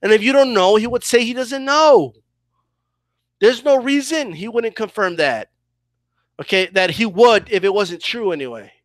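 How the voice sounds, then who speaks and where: A man's voice: high voice, expressive, moderate pace, no room sound. A man giving a heated boxing opinion rant as a commentator, fired up and repeatedly asking "okay?" and "right?".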